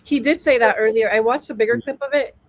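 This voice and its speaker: A woman's voice: a little high, quick pace. A woman on a panel asking curious questions in casual talk.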